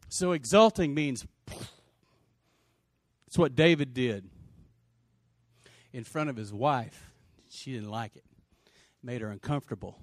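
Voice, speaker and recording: A man preaching a sermon to a congregation, animated, with shouted exclamations and call-and-response. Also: mid-range voice, takes it slowly, long pauses, no echo, studio quality. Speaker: pastor.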